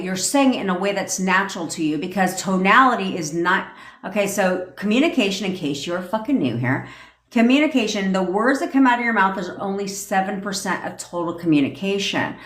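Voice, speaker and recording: A woman's voice: fairly low pitch, fairly bright tone, reverberant. A woman coach ranting on a livestream, blunt and profane, acting out sassy examples as she teaches. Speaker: manifestation coach. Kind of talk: livestream rant.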